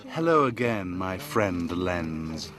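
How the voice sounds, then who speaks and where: A man's voice: deep voice, big pitch swings, slow pace, music in the background. A man telling a long, self-mocking story about how he became an actor, chuckling as he goes. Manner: jokey, self-mocking, chuckles between lines. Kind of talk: anecdotal monologue to camera.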